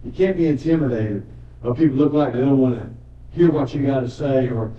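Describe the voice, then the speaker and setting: Pastor preaching, folksy and joking, echoey room, kinda far from the mic. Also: male voice, medium pitch, a little fast. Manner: folksy storytelling preacher, joking asides, repeats words. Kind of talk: sermon. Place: church sanctuary. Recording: dull echoey church recording from a distance.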